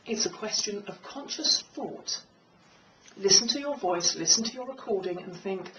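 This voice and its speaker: A woman speaking coach giving a clear, measured talk on confident speaking, in a room with a piano. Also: animated, a bit bright, recorded from a distance, a little hiss or hum, poor audio. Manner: clear, measured, demonstrates pitch by singing. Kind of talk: instructional talk to camera.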